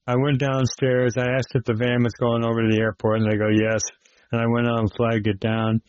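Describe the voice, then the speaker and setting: A man's voice: mid-range voice, little pitch movement, fairly quick, clear, resonant tone. Plain-spoken male airline pilot recounting. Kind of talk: interview storytelling. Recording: dull lo-fi sound.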